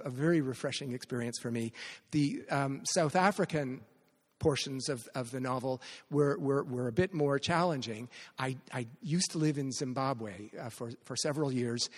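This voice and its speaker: Canadian male novelist, mid-pitch, halting delivery full of restarts, live reading in a hall with a long echo. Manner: hesitant, many restarts and fillers. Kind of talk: live author talk at a literary event. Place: venue at a literary festival.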